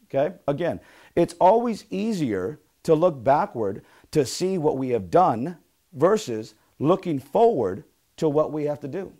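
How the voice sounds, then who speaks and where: A man's voice: a little high, big pitch swings, unhurried, mellow. A man, a real estate sales coach, giving an upbeat motivational training talk and leading call-and-response affirmations.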